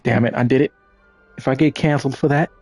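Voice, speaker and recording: A gaming streamer with a New York accent rambles through casual gameplay commentary, correcting himself and swearing a lot. He talks fast at medium pitch in a steady, slightly mellow, husky voice, with soft music in the background.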